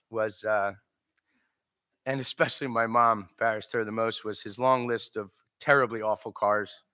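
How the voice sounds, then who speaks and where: Man telling stories in a bright eulogy. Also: medium pitch, clear, resonant tone. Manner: storytelling, emotional, laughs through stories. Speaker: son giving a eulogy. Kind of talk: memorial eulogy with anecdotes. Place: memorial service.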